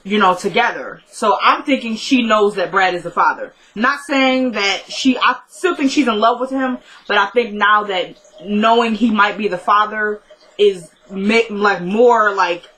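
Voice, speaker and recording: A woman's voice: mid-range voice, unhurried, pushed and bright, rough recording. A woman recapping a TV episode in a chatty, candid way, full of "like" and "he goes" fillers, with opinionated asides. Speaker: TV show recapper. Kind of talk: casual recap chat.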